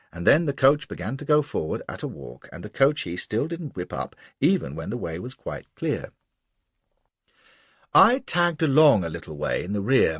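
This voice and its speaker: Brash male audiobook narrator, first-person, lowish and husky. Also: dry recording. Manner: brash, boastful and lively.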